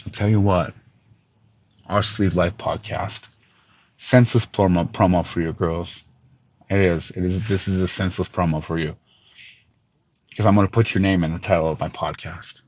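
A man hosting a podcast, ranting in an angry callout with lots of swearing, missing some teeth, swinging from loud outbursts to low muttering. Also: fairly even intonation, moderate pace, long pauses, no echo, low-quality recording. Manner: profane, heated, swings from shouting to low muttering. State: missing teeth, awaiting dental work. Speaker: podcast host.

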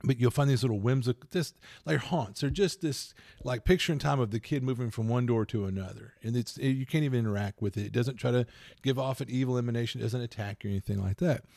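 A man with a gravelly, mellow voice rambles happily through tabletop game stories. His co-hosting chat is casual and lively. The sound is close and dry. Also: mid-range voice, fast, no room sound. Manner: rambling, animated storytelling with laughs. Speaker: podcast co-host and game master.

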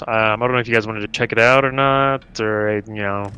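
A man's voice: lowish voice, steady tone, brisk, bright, forceful tone, clear, resonant tone. A man playing a tabletop role-playing game, rambling and repeating himself as he decides what his character does. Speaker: player. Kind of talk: casual tabletop play.

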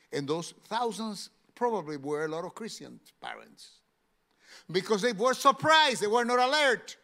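A male pastor preaching a sermon in an emphatic way, rising to loud exclamations. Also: fairly high pitch.

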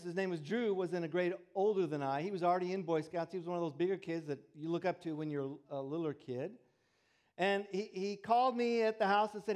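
A man's voice: high voice, darkish tone. A man preaching a sermon, telling stories in a folksy, conversational way. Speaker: pastor. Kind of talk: sermon with storytelling.

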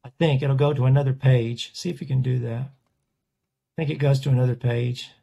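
A man's voice: mid-range voice, steady tone, brisk, vocal fry, dark tone. A man, a portrait artist, chatting casually in an interview and rambling through stories with frequent restarts. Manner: rambling, self-correcting storyteller.

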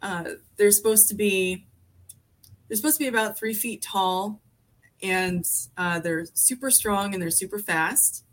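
A woman in her forties tells stories as a podcast guest. She talks in a loose, rambling way, full of fillers and false starts. Her voice sits at a middle pitch. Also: measured pace. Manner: rambling, many fillers and restarts. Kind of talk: casual conversation.

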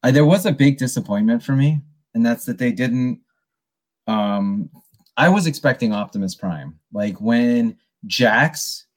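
A man's voice: medium pitch, lively intonation, measured pace. Rambling man chatting about movies. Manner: rambling, many restarts and "you know". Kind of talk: casual movie review chat.

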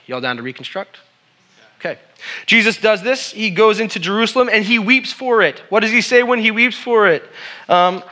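Animated bright-voiced male preacher. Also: fairly high pitch. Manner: animated, talks to the congregation directly. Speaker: pastor. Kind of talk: sermon.

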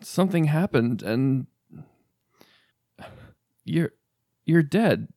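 A man playing a shaken, grieving father, halting and stammering. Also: on the high side, animated, dark tone, dry recording, clean studio sound, exaggerated voice.

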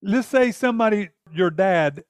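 A man preaches with earnest emphasis, pressing each point home and acting out prayers as he goes. His voice sits high. The recording is dry and close, with no room sound. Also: animated, normal speed, clear, resonant tone, dry recording. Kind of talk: sermon.

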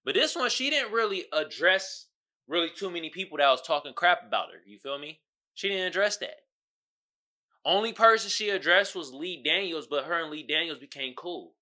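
A male podcast host giving casual, slangy commentary, animated and often asking "you feel me". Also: fairly high pitch, normal speed. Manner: animated, acts out quotes loudly.

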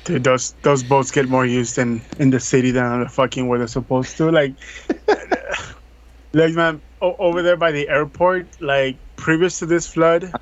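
A man in casual podcast chat, talking quickly in slang, full of fillers and exasperation. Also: fairly high pitch, steady tone. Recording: dry, dull lo-fi sound.

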